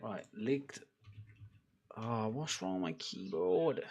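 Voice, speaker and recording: Young male fan streamer, casual and animated, bouncy voice, loud yelps at near-misses. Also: fairly low pitch, takes it slowly, long pauses, husky. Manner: excitable, laughing, loud outbursts at chances. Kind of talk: live watchalong chat.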